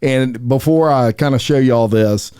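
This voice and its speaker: A man's voice: medium pitch, a little slow, clear, resonant tone, dry recording, clean studio sound. A middle-aged man, hosting a podcast and telling folksy stories in a casual interview chat. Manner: folksy storyteller, lively and laughing. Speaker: podcast host.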